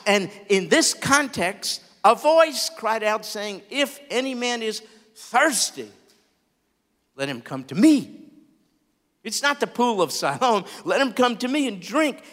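A man preaching a sermon as pastor, expressive, with large swings in loudness. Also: sits high. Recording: long hall reverb.

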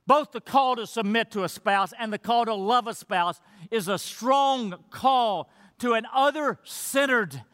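A man delivers a sermon from the pulpit in a high, bright voice. He reads scripture and drives his points home through earnest, emphatic repetition. The sound carries the long reverb of a church hall. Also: a little slow, smooth. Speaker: pastor. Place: church sanctuary.

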